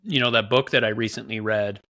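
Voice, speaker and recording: Podcast host guy, bright clear voice, candid and reflective. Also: lowish voice, fairly even intonation, brisk. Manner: reflective, candid, asks questions. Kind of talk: casual interview.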